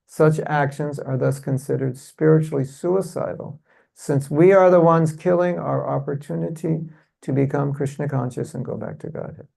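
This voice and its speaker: A man with a very gravelly, creaky voice teaching a devotional seminar in a temple hall. He speaks in a fairly high register for a man, often poses rhetorical questions, and leads the audience in call-and-response. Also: normal speed, darkish tone. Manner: rhetorical, keeps asking "isn't it?".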